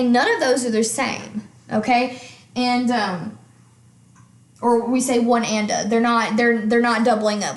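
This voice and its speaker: In an echoey room, a woman music teacher with a fairly high voice gives casual instruction. She's chatty and keeps checking in with the listener, frequently asking "okay?"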